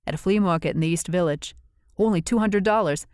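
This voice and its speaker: A woman narrator voicing an eager young male client with a thick Long Island accent, a little higher and louder than her narration. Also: fairly quick, clear, resonant tone, no room sound, studio quality, close to an everyday voice.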